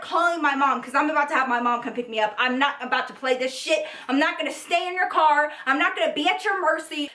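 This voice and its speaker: A young woman with a high, bright voice tells a story for her vlog channel, casual and animated. She swears freely and gets louder and higher when she is outraged. Her voice rings in an echoey room. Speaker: beauty vlogger telling a story.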